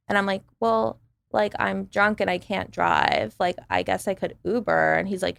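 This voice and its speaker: A woman guest on a podcast, casually telling a dating story in an animated way, acting out what others said and using lots of "like". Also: mid-range voice, unhurried, gravelly, no room sound.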